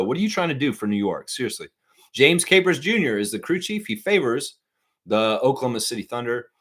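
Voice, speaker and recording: Dude hosting a live stream, casual chatter, reads the chat out loud, kinda rambly. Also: male voice, mid-range voice. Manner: chatty, reads chat aloud, sings snatches of songs.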